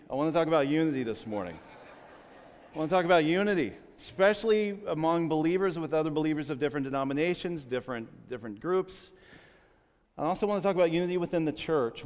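A man preaching a lively sermon, with self-deprecating asides to his congregation. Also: fairly high pitch. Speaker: pastor. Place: church sanctuary. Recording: long reverb of a large hall.

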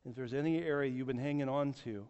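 A man's voice: medium pitch, fast talker, a little mellow, smooth. A man in his forties preaching a sermon, telling a story earnestly and often repeating words. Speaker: pastor. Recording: echoey hall, dull sound.

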